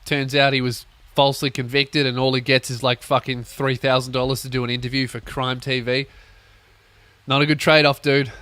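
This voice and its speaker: A young man hosting a comedy podcast, telling a story as a sweary, animated rant. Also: medium pitch, normal speed, long pauses, no room sound. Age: young adult. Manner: swearing, animated, acts out voices.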